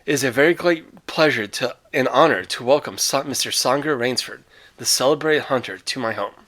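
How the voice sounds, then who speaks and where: A man's voice: medium pitch, a little fast, a bit bright, lightly acted. A man doing a courtly, menacing old general. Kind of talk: read-aloud character voice.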